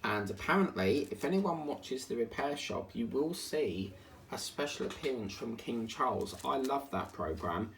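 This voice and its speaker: Casually chatting while he crafts a diamond painting at home, a man grumbles now and then in asides. His medium-pitched voice is expressive and a bit bright at normal speed, picked up by a distant mic with faint background hiss.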